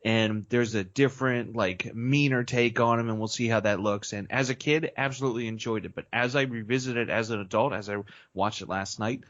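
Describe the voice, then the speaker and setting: A man's voice: mid-range voice, fairly quick, hardly any pauses, fairly bright tone, dull audio. A man co-hosting a film podcast in a casual, blunt and opinionated way, with frequent sighs. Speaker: podcast co-host.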